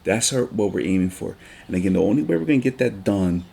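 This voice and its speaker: A man, talking on a casual podcast in a deep voice. His tone is gravelly and full of vocal fry. He speaks earnestly, with frequent ums and restarts. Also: animated, fast, warm tone, a little hiss or hum. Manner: earnest, emotional, with many fillers and restarts. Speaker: teacher.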